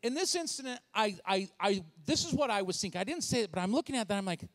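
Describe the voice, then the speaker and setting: A male pastor telling a funny story in a sermon, excitable and animated. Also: sits high, quick pace, long reverb tail.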